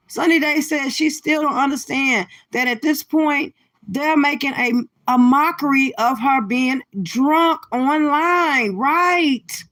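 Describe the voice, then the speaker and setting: A middle-aged woman doing profane, brash reaction commentary from her car, cursing and laughing through loud rants. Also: high-pitched. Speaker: livestream commentator.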